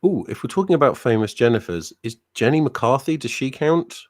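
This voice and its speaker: A man's voice: medium pitch, lively intonation, a little fast, darkish tone, no echo, clean studio sound. A man in a casual group chat, throwing in crude, teasing one-liners.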